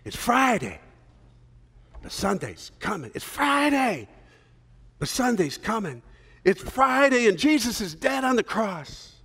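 A man voicing an older male pastor who preaches slowly and builds a repeated refrain toward shouting. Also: high-pitched, very animated, husky, voice pushed up, heavily acted. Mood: building fervor.

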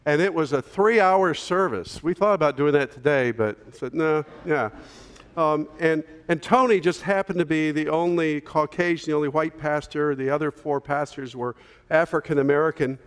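A man's voice: on the high side, moderate pace, clean tone. Storytelling male pastor, sermon in a reverberant hall. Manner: storytelling, conversational with fillers.

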